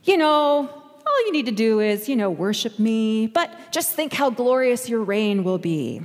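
A woman's voice: on the high side, sing-song, a little slow, in a large hall. A woman voicing a sly male devil who coaxes and tempts in a wheedling, persuasive way. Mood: coaxing.

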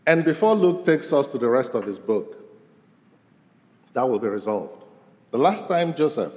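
A man preaching a sermon as pastor, his voice rising to stress points and falling low at the end of each. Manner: animated, voice rising for emphasis and dropping low at ends of points. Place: church sanctuary. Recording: long reverb of a large hall.

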